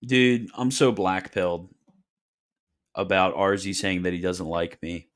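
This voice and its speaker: A man's voice: low-pitched, fairly even intonation, measured pace. A man casually hosting a livestream Q&A, reading viewer questions with wry, joking asides and frequent laughter.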